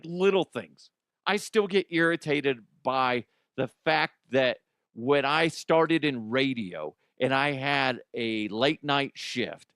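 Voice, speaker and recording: A man's voice: medium pitch, a bit bright, clean tone, dry recording, clean studio sound. A middle-aged man hosting a radio show, telling stories in a profane, self-deprecating, rambling way. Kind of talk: casual comedic talk radio monologue.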